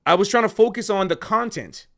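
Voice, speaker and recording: A fired-up man talking straight to his livestream, emotional and passionate. His voice is fairly high for a man and swings widely in pitch as he makes his points. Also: animated, fairly quick, gravelly, a bit bright. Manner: emotional and passionate, says bro a lot. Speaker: jazz musician streaming a Q&A. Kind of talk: casual livestream rant.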